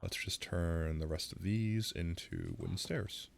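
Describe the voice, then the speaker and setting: A man's voice: low voice, huge pitch swings, measured pace, creaky, background noise. A man streaming live with a sore throat, rambling casually into a close mic while he plays. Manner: rambling, self-deprecating, reacts loudly.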